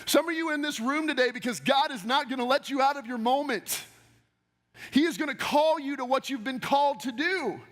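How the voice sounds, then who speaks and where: Preaching fast and forcefully, a male pastor uses a strikingly high, slightly bright voice in his sermon. He repeatedly puts questions straight to the congregation while a long reverb fills the big sanctuary.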